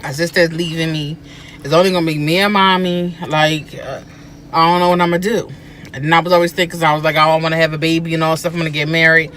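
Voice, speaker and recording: A woman telling family stories to her sister in a casual chat inside a car, animated and acting out what people said. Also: sits low, fast talker, a little hiss or hum. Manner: animated, acts out quoted speech. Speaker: guest, host's sister.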